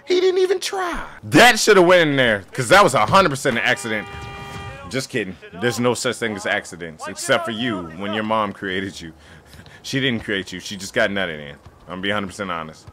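A young man gaming on camera and commentating his soccer match, joking, trash-talking the players and breaking into sudden yelling outbursts. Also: on the low side, big pitch swings, brisk, slight background noise. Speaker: gaming YouTuber. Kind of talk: playing a soccer game and commentating.

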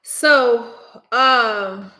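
Bright-voiced chatty woman livestreamer. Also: a little high, very slow. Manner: chatty, laughing, exclaiming, bursts of singing. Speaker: livestream host. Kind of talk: casual livestream chat. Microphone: laptop microphone.

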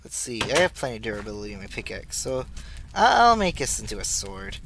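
A man doing let's play commentary, talking to himself as he plays and bursting into excited squeals. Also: on the low side, quick pace, background noise. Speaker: gaming channel host.

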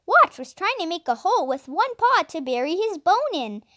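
A woman reads a children's chapter book aloud with a gentle, expressive lilt. Her voice is high and very melodic. The recording is dry and close. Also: moderate pace, no echo. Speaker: children's audiobook reader. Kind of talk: storybook reading.

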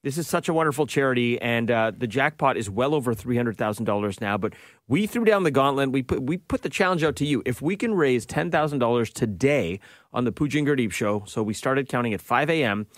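A man's voice: mid-range voice, expressive, a little fast, no room sound. A middle-aged man co-hosting a morning radio show, chatty and teasing, recorded close on a studio microphone.

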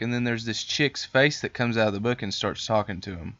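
A man's voice: fairly low pitch, steady tone, measured pace, pauses often, fairly bright tone, dull audio. Rambling, profane male podcast host. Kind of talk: casual storytelling chat.

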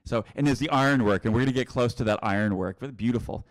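A man's voice: mid-range voice, quick pace. A middle-aged man from New England giving a casual virtual tour, rambling with many restarts and chuckles. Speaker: tour guide and teacher.

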